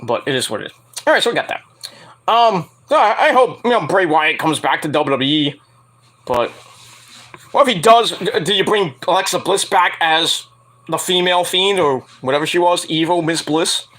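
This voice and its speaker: A man rambles through casual wrestling talk, cursing freely and laughing at his own jokes. His voice is bright and keen and swings widely in pitch, and it sits a little high. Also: animated, moderate pace. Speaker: podcast host. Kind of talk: casual wrestling news commentary.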